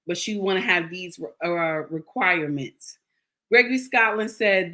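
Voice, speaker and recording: A woman's voice: medium pitch, normal speed, a bit bright. An older woman, giving sassy, preachy commentary to her viewers. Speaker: commentary vlogger. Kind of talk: casual opinion commentary.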